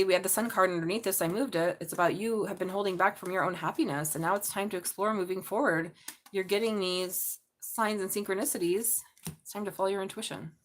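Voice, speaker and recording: A woman hosting a live tarot reading from her bedroom, thinking aloud and often breaking into excited exclamations. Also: medium pitch. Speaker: tarot reader.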